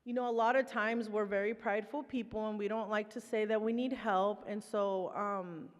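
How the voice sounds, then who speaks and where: A woman of middle pitch speaks on a panel about her own recovery. Her talk is heartfelt, loose and unscripted, full of fillers. Her voice carries a long reverb like a large hall. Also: fairly even intonation, normal speed. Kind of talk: conversational presentation.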